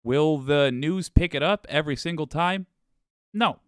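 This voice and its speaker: A man's voice: on the high side, measured pace, clean tone, dry recording, studio quality. Wry chatty man hosting a livestream. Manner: wry, chatty, with asides and laughs. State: voice going hoarse. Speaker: livestream show host. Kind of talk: casual livestream talk.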